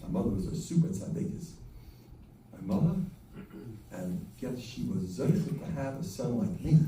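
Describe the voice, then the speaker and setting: A man's voice: medium pitch, big pitch swings, moderate pace, dark tone, a little hiss or hum. An older man, a rabbi giving a joking, self-deprecating holiday talk to a gathering. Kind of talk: humorous Chanukah talk. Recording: roomy hall from a distance with faint ambience.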